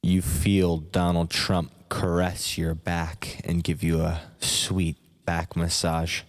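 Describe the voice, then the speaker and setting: A man narrates a mock sleep hypnosis in a soft, hypnotic second-person voice. His voice sits very low and moves at an unhurried crawl. A long hall reverb trails every phrase. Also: completely flat delivery.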